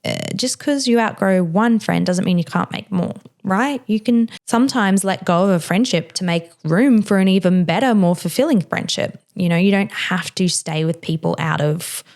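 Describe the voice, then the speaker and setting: A woman's voice: medium pitch, normal speed, few pauses, darkish tone. Frank, chatty woman podcast host. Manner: frank, chatty, heavy use of "like" and "you know". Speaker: mother. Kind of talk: casual advice chat.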